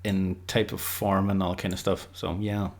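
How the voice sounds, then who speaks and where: A man's voice: deep voice, little pitch movement, moderate pace. A man giving casual, unscripted football predictions, rambling loosely and leaning on lots of filler words. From Ireland.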